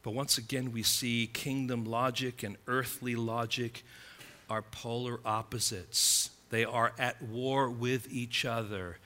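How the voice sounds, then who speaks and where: A man preaching a sermon in a dramatic way, asking the listeners questions and swinging from loud cries to hushed, low passages. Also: fairly even intonation, slow pace.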